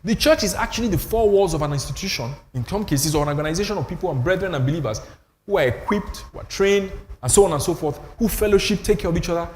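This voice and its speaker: A man's voice: high-pitched, animated, fast, darkish tone, in a large hall, slight background noise. An older Nigerian man hosting a panel on faith, telling stories with emphasis and self-deprecating humor. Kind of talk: animated panel talk on church.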